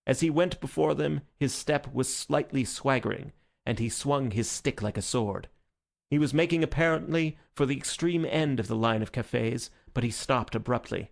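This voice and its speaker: A man reading a classic novel aloud as audiobook narrator, with measured storytelling. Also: medium pitch, vocal fry. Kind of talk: scripted narration.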